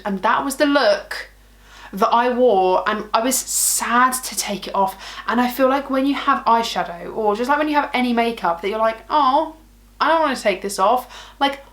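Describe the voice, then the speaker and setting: A woman beauty vlogger in a casual, bubbly chat who gushes about products and jokes at her own expense. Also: on the high side. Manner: gushing, bubbly, self-mocking.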